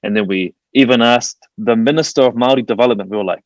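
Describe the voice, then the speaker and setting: A man's voice: medium pitch, fast, no room sound. A man, a TV presenter telling stories as a guest in a casual chat. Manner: animated storyteller, says "bro" a lot. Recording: dull lo-fi stream audio.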